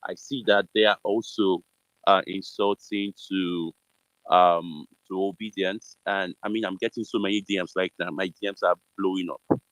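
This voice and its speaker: A man's voice: deep voice, fairly even intonation, normal speed, fairly bright tone, no echo, poor audio. A man hosting a live audio chat room, hedging with lots of fillers but pointed in his questions. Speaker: host.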